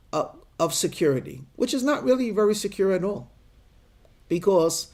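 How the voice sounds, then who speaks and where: Male rabbi preaching, tells a story, higher voice, stretches out key words. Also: darkish tone. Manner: deliberate storytelling with slowed emphasis. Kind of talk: weekly sermon with a parable.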